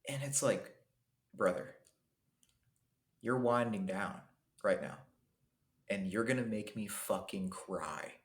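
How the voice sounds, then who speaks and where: A man co-hosting a music podcast in casual chat, speaking in a slow, heartfelt way. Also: medium pitch, reverberant. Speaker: podcast co-host.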